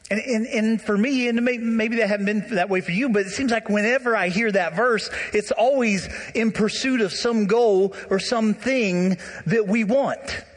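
An animated male preacher talks straight to his congregation. His voice sits a little high and carries a slightly husky edge. The long reverb of a church sanctuary trails after every phrase. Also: moderate pace, hardly any pauses. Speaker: pastor. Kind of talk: sermon.

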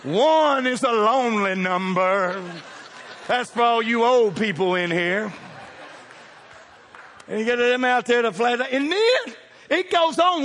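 A man preaching a humorous storytelling sermon, animated and jokey, swinging from hushed asides to loud calls. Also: very high-pitched, a little slow. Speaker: pastor. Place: church sanctuary with congregation. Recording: long hall reverb.

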